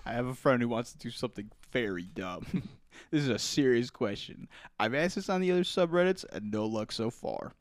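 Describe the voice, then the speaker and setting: A young man co-hosts a loose, casual podcast, laughing easily and reading posts in a flat, deadpan way. His voice sits at a middling pitch. The sound is dry and close to the mic, with no room around it. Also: brisk, no room sound. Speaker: podcast co-host. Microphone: studio mic.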